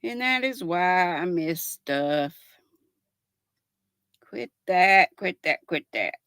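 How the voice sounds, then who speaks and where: A woman's voice: lowish voice, expressive, slow pace, a bit bright, clean tone, dry recording. Older woman, casual livestream host with a folksy manner and a dry, close sound. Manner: chatty, giggly, folksy, talks to viewers as "y'all". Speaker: livestream host reading chat. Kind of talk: casual chat. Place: at home.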